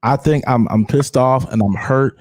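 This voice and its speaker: A man's voice: mid-range voice, normal speed, darkish tone, no room sound. A man hosting a podcast in casual conversation, talking candidly and emphatically with slang and repeated words. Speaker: podcast host.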